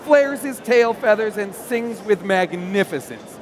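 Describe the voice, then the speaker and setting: A man narrating the stage directions at a live staged reading on a theater stage, lively and playful. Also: sits high, unhurried.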